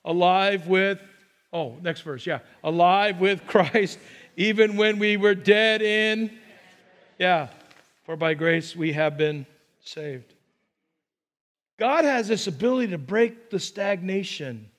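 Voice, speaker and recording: An older man delivers a sermon in a church, his voice sitting high for a man. He tells his stories with animation and acts out the people in them. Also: takes it slowly, pauses often. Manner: animated storytelling, acts out scenes. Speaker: pastor.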